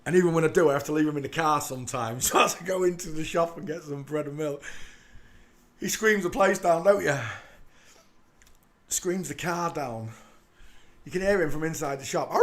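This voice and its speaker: A man's voice: fairly high pitch, normal speed, long pauses, a bit bright, roomy sound. A man hosting a casual livestream from home. He talks bluntly and crudely and keeps breaking off to fuss over his dog. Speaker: live stream host. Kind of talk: casual rambling livestream chat. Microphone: desk microphone.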